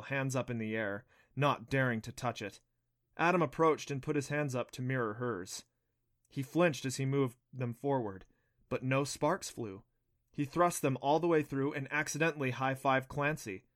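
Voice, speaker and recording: A man reading an audiobook aloud with a steady storytelling delivery. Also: mid-range voice, moderate pace. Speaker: audiobook narrator. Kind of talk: scripted audiobook narration.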